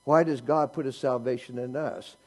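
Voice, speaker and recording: A man's voice: medium pitch, fairly even intonation, normal speed. A male pastor preaching a sermon, asking the congregation rhetorical questions and teasing them with humor.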